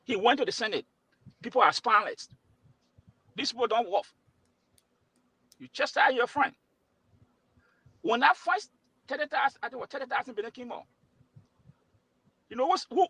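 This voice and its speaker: On a political talk show, a right-leaning commentator appearing as a panel guest argues heatedly, retelling events and repeating words. His very high voice is bright, forceful, and slightly rough, in a dry recording of poor audio quality.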